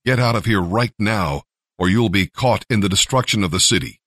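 A man's voice: fairly low pitch, lively intonation, normal speed, fairly bright tone, no room sound, studio quality. A man voicing stern male angels who issue urgent, commanding warnings.

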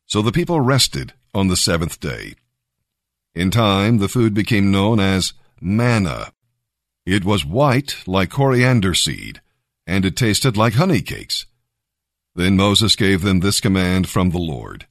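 A man narrating a scripted devotional Bible reading, measured and emphatic. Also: low voice, very animated, dry recording, studio quality.

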